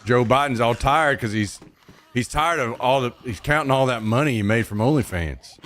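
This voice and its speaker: A man's voice: mid-range voice, moderate pace, a bit bright, slight background noise. A man from Missouri with a Southern accent, rambling in casual chat while streaming a game. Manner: rambling, drawling, trails off mid-sentence.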